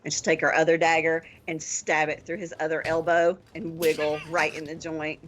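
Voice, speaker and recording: A woman's voice: deep voice, completely flat delivery, moderate pace, a bit bright, slight background noise. A woman playing her character in a tabletop game, describing brutal actions with brash glee. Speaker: player. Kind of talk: tabletop role-play.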